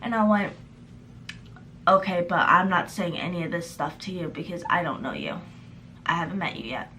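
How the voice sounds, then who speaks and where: A woman's voice: on the low side, normal speed, bright, forceful tone, slight background noise. A young woman vlogger telling a personal story to camera, animatedly acting out the messages and replies she quotes. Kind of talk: storytime vlog.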